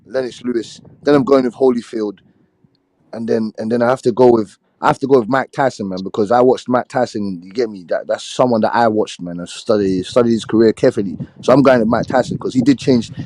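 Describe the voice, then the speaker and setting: A man in a casual boxing chat, talking in a laid-back, drawn-out way with many fillers. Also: medium pitch, steady tone, a little mellow, no room sound.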